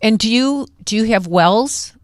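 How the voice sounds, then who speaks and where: A woman's voice: a little high, lively intonation, unhurried, dry recording, studio quality. A woman hosting a casual chat, chatty and eager with her questions. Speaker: host.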